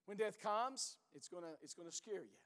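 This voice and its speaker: A middle-aged man preaching a sermon as pastor, earnest and hoarse, often sinking to a low, intense voice and repeating his words. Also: moderate pace, a bit bright, in a large hall.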